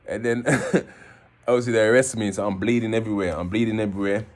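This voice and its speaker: A man, casually telling his own story in an animated way, swearing and acting out scenes. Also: lowish voice, brisk. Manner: animated, swearing, acts out scenes in raised voices.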